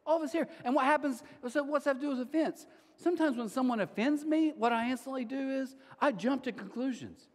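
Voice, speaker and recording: Man, 40s; energetic, conversational preacher with a wide-ranging voice, recorded in a big reverberant church hall. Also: high-pitched, fast talker. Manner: animated, conversational, acts out quoted voices. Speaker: pastor. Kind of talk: sermon. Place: large church auditorium.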